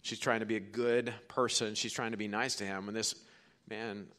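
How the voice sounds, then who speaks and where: A middle-aged man preaching a sermon as pastor, telling stories and swinging from hushed to forceful. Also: on the low side, flat delivery, normal speed. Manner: storytelling, quoting others, swings from hushed to forceful.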